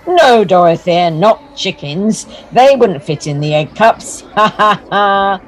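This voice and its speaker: An actor voicing a male talking big wheel in a children's audio story, slow and drawn-out, fond of puns and teasing. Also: mid-range voice, big pitch swings, darkish tone, slight background noise. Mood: giggling. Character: talking big wheel, male, bored then giggly trickster.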